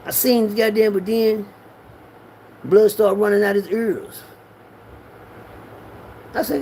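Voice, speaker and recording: A middle-aged man, telling a street story in an animated way and raising his voice to act out quotes. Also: slow pace, creaky, pauses often, slight background noise. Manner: animated, acts out quotes with raised pitch.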